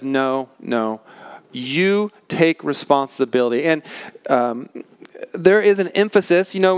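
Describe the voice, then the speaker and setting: A man preaching a sermon as pastor, earnest and emphatic, slowing down to stress key words. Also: on the high side, clear, resonant tone, dry recording. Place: large tent.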